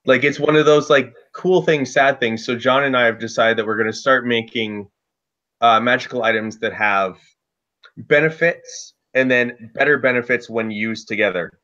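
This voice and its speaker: A man telling a casual story about running a tabletop game, loose and lively, with lots of "like" fillers. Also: mid-range voice, normal speed, muffled recording. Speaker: dungeon master guest.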